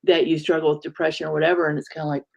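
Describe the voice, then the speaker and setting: Gravelly-voiced woman, halting and heartfelt. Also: low voice, little pitch movement. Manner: halting, searching for words, emotional. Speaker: minister and show host. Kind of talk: casual heartfelt conversation.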